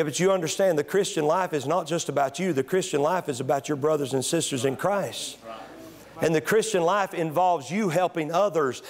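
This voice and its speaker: A man pastor preaching a sermon in church, moving between calm teaching and loud, shouted exhortation. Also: a little high. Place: church sanctuary.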